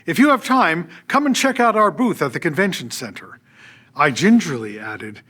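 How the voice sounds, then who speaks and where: His voice sits a little high and moves at an unhurried pace as this older artistic director of an orchestra narrates scripted stories from his own life. He's lively throughout, performing each quoted line in character.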